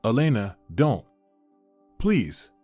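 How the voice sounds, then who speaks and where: A man voicing an angry, controlling husband who hisses and shouts in a storybook reading. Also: mid-range voice, big pitch swings, slow pace, slightly rough, dry recording, soft background music, exaggerated voice. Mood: pleading. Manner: hissing, shouting.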